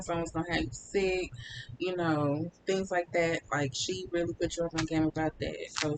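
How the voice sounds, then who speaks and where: A woman vlogger chatting casually to her viewers about her recovery, with lots of um's and y'all's. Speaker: vlogger documenting her weight-loss surgery recovery. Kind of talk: casual chat to camera. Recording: steady rumbling background noise.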